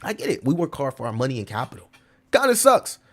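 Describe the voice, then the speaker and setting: Mid-pitched and quick, this man hosts a crypto livestream, chatting animatedly in slang. He swears freely and reads viewers' comments out loud.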